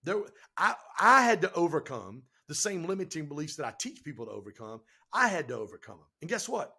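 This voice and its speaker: A man telling stories on a podcast as the guest, animated and emphatic, with casual slang. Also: on the high side, fairly quick, breathy edge. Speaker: guest entrepreneur and speaker. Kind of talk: energetic podcast storytelling.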